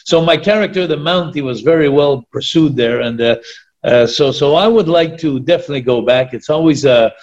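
A man's voice: on the high side, a little fast, a little mellow, highs cut off. A man with a French Canadian accent, a native French speaker, chatting as an interview guest and rambling with many restarts and fillers. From Quebec, Canada. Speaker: retired pro wrestler guest. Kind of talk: casual interview chat.

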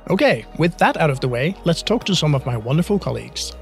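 A man hosting a podcast, reading a news roundup in a brisk way and then interviewing a colleague with dry quips. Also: fairly high pitch, big pitch swings, creaky, faint music behind. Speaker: podcast host.

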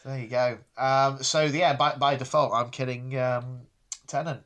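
A man's voice: mid-range voice, level tone, measured pace, fairly bright tone. A man co-hosting a podcast in casual chat, dry and self-deprecating, often restarting his sentences. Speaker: podcast co-host.

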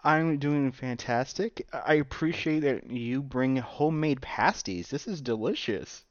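Slow, teasing male podcast co-host, dull dry mic sound. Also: medium pitch, dry recording. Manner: teasing, laughs easily. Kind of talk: casual chat.

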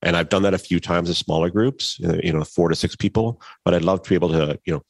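Very deep husky man. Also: fast talker, no echo. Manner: easygoing, reflective. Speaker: podcast guest, company CEO. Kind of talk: casual conversation.

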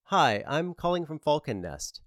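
A man's voice: fairly high pitch, big pitch swings, a little slow, fairly bright tone, no echo, studio quality, voice pushed up. A man voicing a blunt, foul-mouthed woman running a bed and breakfast, in an audiobook. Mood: brash. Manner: blunt and swearing.

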